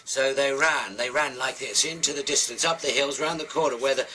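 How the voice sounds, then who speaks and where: A British man tells a children's story as he draws, wandering into chatty little asides. His voice is strikingly bright and keen. A faint hiss of noise runs behind him. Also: mid-range voice, fairly even intonation, brisk, poor audio. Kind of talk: children's storytelling while drawing.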